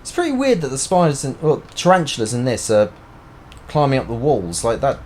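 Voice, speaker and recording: A man's voice: mid-range voice, huge pitch swings, a little fast, a little mellow, a little hiss or hum. A man, chatting and rambling in a joking way while streaming a video game live. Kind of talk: casual live-stream gameplay chat.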